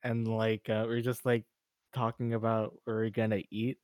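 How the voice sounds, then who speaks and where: A man's voice: fairly low pitch, monotone, normal speed, a little mellow, dry recording. A young man in casual chat as a podcast co-host, easygoing and laughing often, with lots of "like".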